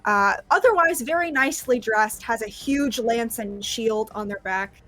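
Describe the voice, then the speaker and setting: A woman's voice: fairly high pitch, moderate pace, fairly bright tone, soft background music. A woman player describing her character at length in a casual tabletop game, with many fillers.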